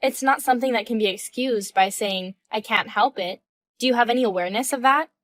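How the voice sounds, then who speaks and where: A woman's voice: a little high, fast talker, no echo. A woman in her thirties reading a scripted text story, speaking in an indignant, questioning way. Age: 30s. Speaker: story narrator voicing the wife.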